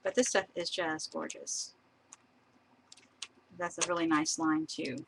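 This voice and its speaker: A woman's voice: deep voice, fairly even intonation, measured pace, a bit bright, a little hiss or hum, poor audio. A woman chatting casually as she shows craft papers on a live stream, laughing often and admiring each sheet.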